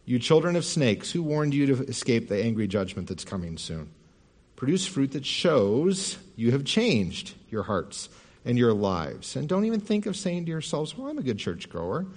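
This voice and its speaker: A man's voice: medium pitch, big pitch swings, normal speed, a little mellow. A man voicing a stern prophet who admonishes his listeners. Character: stern prophet denouncing a crowd.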